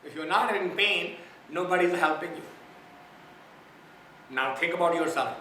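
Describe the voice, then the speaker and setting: A man's voice: on the high side, normal speed, sharp tone, slight background noise. A man from India giving a spiritual talk on a hymn, often putting questions to his listeners. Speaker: spiritual teacher. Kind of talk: sermon on a hymn. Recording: echoey hall, distant mic.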